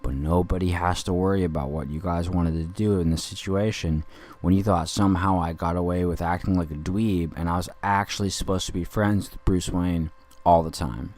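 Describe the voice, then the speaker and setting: A man ranting as Dick Grayson, deep-voiced. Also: steady tone, normal speed, a little mellow, lightly acted. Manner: rambling, profane, indignant ranting. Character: ranting male Dick Grayson, angry and rambling. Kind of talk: improvised comedic podcast monologue.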